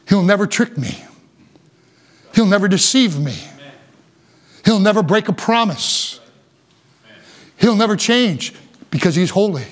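A man preaching a sermon as pastor, reading scripture slowly and then building to fervent appeals. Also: high-pitched.

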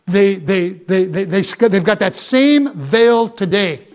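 A man with a strikingly high-pitched voice delivers a sermon. He preaches with fervor, stumbling over repeated words as his emphasis rises. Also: animated, slow. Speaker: pastor.

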